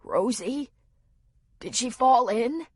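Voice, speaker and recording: A woman voicing a big, frightened, half-drowned man who talks in a childlike way, raspy and wheezing, short of breath. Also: very high-pitched, animated, slow, no echo, studio quality, pitched above the performer's own voice, full character voice. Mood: frightened, breathless.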